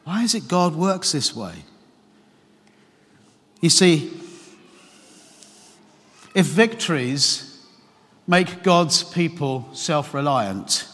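High-voiced preacher in a reverberant church. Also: male voice, very slow, long pauses. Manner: animated preaching, rising into emphatic questions. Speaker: pastor. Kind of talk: sermon. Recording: long hall reverb.

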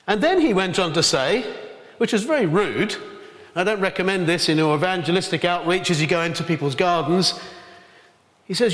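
A man's voice: high voice, lively intonation, normal speed, fairly bright tone. A man preaching a sermon, earnest and emphatic, acting out the scripture quotes he tells. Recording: reverberant hall.

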